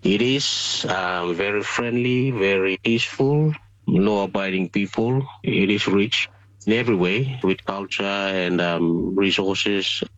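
A man, speaking slowly and measuredly with pauses in an interview. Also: on the low side, a bit bright, dry recording, muffled recording. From Bougainville, Papua New Guinea.

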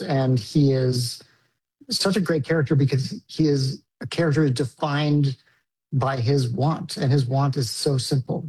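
A man's voice: medium pitch, dark tone, rough recording. A man, a film director, answering interview questions casually, with fillers like "like" and "you know". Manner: casual, with filler words and restarts.

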